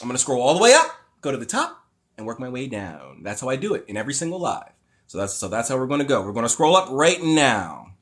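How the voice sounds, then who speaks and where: A man's voice: mid-range voice, sing-song, fast. A man hosting a livestream, reading passages aloud and ranting about them with sarcastic, exasperated, profane commentary. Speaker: livestream host. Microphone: phone or webcam mic.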